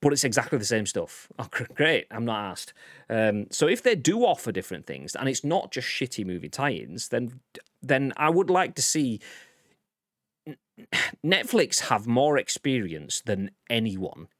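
A man hosting a casual gaming news chat, animated and ranting with frequent restarts. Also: mid-range voice, a little slow, no echo, clean studio sound. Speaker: show host.

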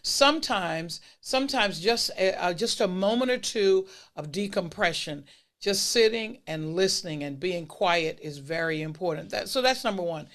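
Encouraging podcast host repeating key phrases. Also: medium pitch. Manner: steady, unhurried delivery with list-style points. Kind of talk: motivational holiday message to listeners.

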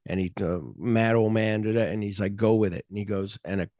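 A man hosting a casual movie podcast, retelling film scenes and slipping into quick offhand impressions of the characters. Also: lowish voice, steady tone, a little mellow, dry recording, studio quality. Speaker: podcast host.

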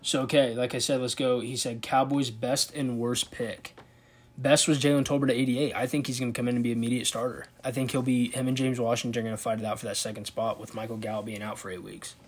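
A man with a husky, somewhat breathy voice and a mid-range pitch hosts a casual sports commentary video. He thinks aloud and reacts with open disbelief as he goes. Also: steady tone, fast. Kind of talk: casual commentary on a football draft.

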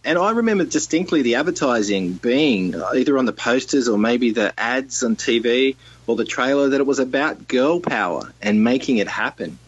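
Aussie guy on a film podcast, husky voice, kinda muffled lo-fi sound, thinks out loud. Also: medium pitch, lively intonation, normal speed, few pauses. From Australia. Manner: reflective, recalling details with fillers. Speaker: podcast co-host. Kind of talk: casual film discussion. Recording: dull lo-fi sound.

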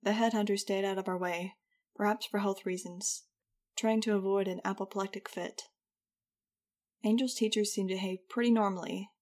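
A woman's voice: medium pitch, darkish tone. A woman narrating a first-person audiobook in a wry, conversational way.

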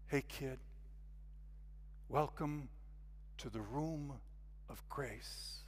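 A man playing a gentle hostess who speaks softly and kindly. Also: medium pitch, very slow, slight background noise. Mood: tender. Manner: soft, hushed. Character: kind woman hostess with a beautiful voice. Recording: long reverb of a hall.

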